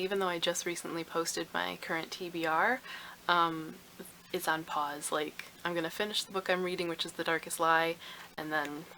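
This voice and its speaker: A woman's voice: deep voice, bright, forceful tone, a little hiss or hum, rough recording. A woman giving a chatty, enthusiastic book review in a casual vlog.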